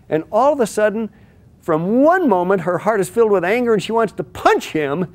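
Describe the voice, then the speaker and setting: Earnest male marriage teacher, higher pitch. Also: animated, moderate pace. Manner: earnest, storytelling. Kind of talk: teaching talk with illustrative story.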